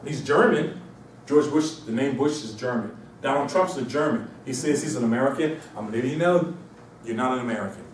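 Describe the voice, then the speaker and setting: A man from Mauritania giving an informal, animated lecture to a small audience, repeating himself and slipping into mocking voices. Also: mid-range voice, brisk, a little hiss or hum. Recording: echoey room, distant mic.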